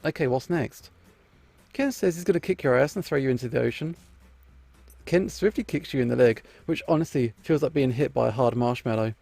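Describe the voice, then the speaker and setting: A man's voice: mid-range voice, fairly quick, creaky, a little mellow, no echo, soft background music. A man playing through a story game, reading the narration aloud with playful, amused asides. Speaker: game streamer. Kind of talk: reading a visual novel aloud with commentary.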